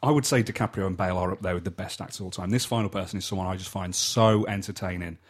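Husky fast-talking man. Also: sits low, fairly even intonation. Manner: enthusiastic, swears casually. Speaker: podcast co-host. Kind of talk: casual film chat.

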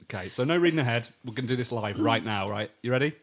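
Lively, expressive male co-host, playful banter, comic script read. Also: mid-range voice, fast talker. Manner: bantering, reads stage directions aloud. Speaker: podcast host. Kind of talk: casual comedy chat.

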